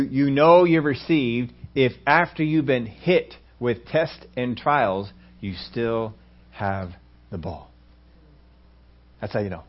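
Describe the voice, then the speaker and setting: A man preaching a sermon as pastor, acting out little scenes and swinging between loud exclamations and hushed asides. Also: medium pitch. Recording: dull lo-fi sermon recording.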